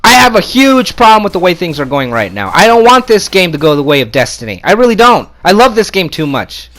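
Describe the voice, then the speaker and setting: Very animated and brisk, a man with a high-pitched, fairly bright voice unleashes an angry rant on video via a console capture mic. The gamer swears without letup, repeats himself and slides into sarcasm while complaining, his profane tone heated throughout.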